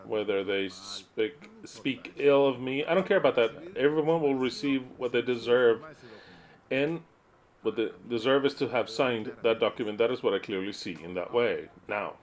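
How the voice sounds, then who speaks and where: A man's voice: mid-range voice, moderate pace. A man preaching to his listeners in an earnest teaching style, repeating his points and reading aloud and explaining them.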